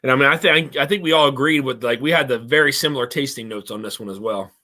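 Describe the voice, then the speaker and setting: An enthusiastic man with a bright, forceful voice talks casually about whiskey. He sits at a middle pitch and now and then reads viewer comments aloud. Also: quick pace. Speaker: whiskey club co-host. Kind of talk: casual tasting chat.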